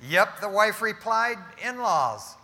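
A male pastor preaches a sermon, telling jokes and tossing playful asides to his congregation. His voice sits fairly high and rings very bright. A long reverb trails each phrase through the church hall. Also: very animated, slow, creaky.

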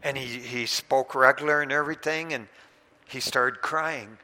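A man preaching a sermon, telling a story with animated delivery that swings between loud and hushed. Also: mid-range voice, moderate pace. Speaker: pastor. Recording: long hall reverb.

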